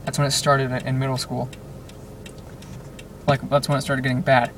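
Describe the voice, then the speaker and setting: A man's voice: medium pitch, completely flat delivery, normal speed. A young man rambling in a casual vlog while driving through traffic, with lots of fillers and restarts. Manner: rambling, restless, fillers and self-interruptions. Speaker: vlogger. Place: car in traffic. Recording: distant car-cabin audio with road noise. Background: car and road noise.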